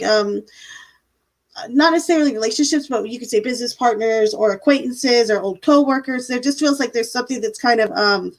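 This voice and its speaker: Chatty woman tarot reader, higher voice. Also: low-quality recording. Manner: casual, chatty, many fillers and "like"s. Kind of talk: live-stream tarot reading.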